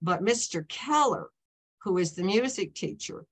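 A woman's voice: medium pitch, lively intonation, unhurried, slightly rough. A woman in her seventies, an author telling stories in a casual talk, rambling and breaking in on herself with frequent "okay?" and "you know" check-ins. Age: 70s.

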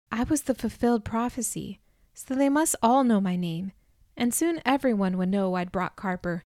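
A woman narrating a first-person audiobook in an even, clear storytelling manner on a close studio mic. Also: mid-range voice, normal speed, no room sound.

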